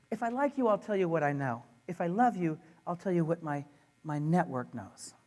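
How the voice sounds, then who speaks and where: A man is giving an energetic talk at an education conference. He speaks playfully and leans hard on his points. His voice rings out with a long reverb from the conference hall. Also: high-pitched. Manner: animated, playful, emphatic. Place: conference room.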